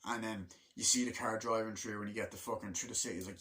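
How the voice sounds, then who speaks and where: A man reviewing a favourite film in a loose, excitable ramble, swearing freely and leaning on fillers. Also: on the low side. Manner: acts out movie lines in quick put-on voices.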